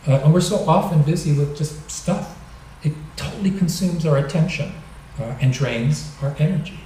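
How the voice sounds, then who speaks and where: A man giving a dharma talk, explaining gently and joking now and then, recorded in a temple hall. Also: on the high side, normal speed, a little hiss or hum. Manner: gentle, explanatory, with light humor. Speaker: minister. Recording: echoey hall, mic at a distance.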